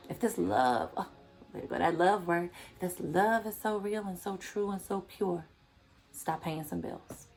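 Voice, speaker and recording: Woman vlogger, low-pitched, emphatic and preachy, faint music underneath. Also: measured pace, vocal fry, darkish tone. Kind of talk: motivational vlog commentary.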